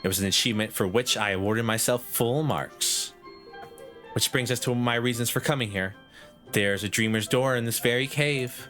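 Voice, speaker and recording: A haughty professor woman who lectures in a clipped, superior way and keeps grading everyone, as a man puts her on. The voice sits fairly low, in the middle of a man's range. Faint music plays behind. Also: normal speed, bright, forceful tone, close to an everyday voice.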